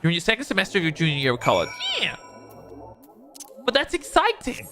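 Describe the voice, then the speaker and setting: Man, game streamer, playful, very lively high voice, faint music. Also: quick pace. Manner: playful, chatting with viewers while playing. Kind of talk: casual game stream chat.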